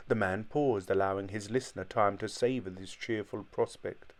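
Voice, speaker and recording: A man reading an audiobook as narrator, in measured, even storytelling. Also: lowish voice. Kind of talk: scripted narration.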